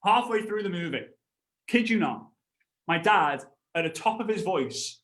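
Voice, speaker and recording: An energetic man in his thirties runs a live training, bouncing between stories and voices. His voice sits high for a man. The room around him rings with echo. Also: unhurried. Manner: animated storytelling, acts out voices. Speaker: network marketing trainer.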